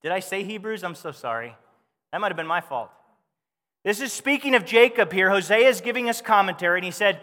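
A man preaching a sermon as pastor, talking to the congregation in a conversational, animated way. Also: high voice, moderate pace. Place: church hall. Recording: long hall reverb.

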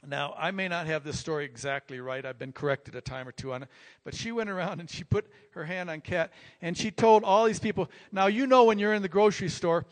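An older man, a pastor, telling a personal story in sermon style, rambling and repeating himself, growing animated. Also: high voice, a little fast. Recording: long reverb from a large hall.

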